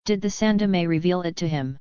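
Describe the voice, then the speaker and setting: A woman reading the part of a cold, calculating male ninja who speaks flatly. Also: on the low side, a little fast, clear, resonant tone, no echo, highs cut off, lightly acted. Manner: flat, cold.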